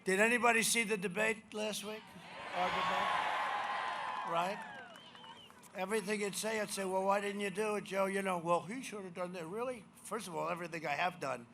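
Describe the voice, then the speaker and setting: An older man giving a campaign rally speech, rambling and boastful, swinging between shouted lines and muttered asides. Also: high voice, normal speed, gravelly, background noise. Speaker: political speaker at a rally. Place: outdoor rally crowd.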